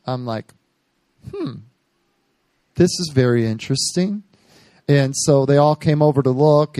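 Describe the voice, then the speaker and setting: A man preaching, telling a personal story and acting out what others said in lively bursts. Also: medium pitch, dry recording. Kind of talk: sermon testimony.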